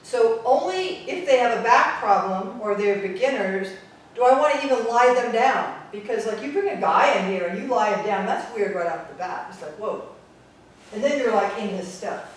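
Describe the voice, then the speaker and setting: A woman's voice: a little high, lively intonation, moderate pace. A woman with a Bronx New York accent, a Pilates instructor giving a blunt, sarcastic teaching talk to other instructors. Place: Pilates studio. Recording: very echoey room, distant mic.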